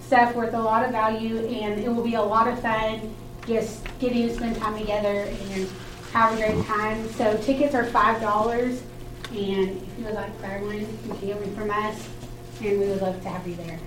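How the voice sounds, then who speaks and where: A woman's voice: mid-range voice, level tone, normal speed, echoey room, recorded from a distance, background noise. A woman making a friendly announcement to a class.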